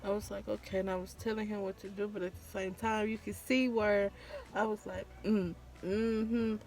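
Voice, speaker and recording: A woman's voice: mid-range voice, fairly even intonation, a little fast, vocal fry, a little mellow. A woman vlogger, telling a candid, profane story in casual storytime style. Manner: candid, profane, acts out quotes.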